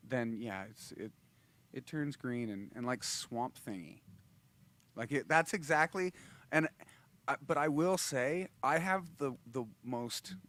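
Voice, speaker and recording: A man's voice: mid-range voice, unhurried, fairly bright tone. A man hosting a casual livestream, rambling and laughing, restarting his sentences often. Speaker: host and musician.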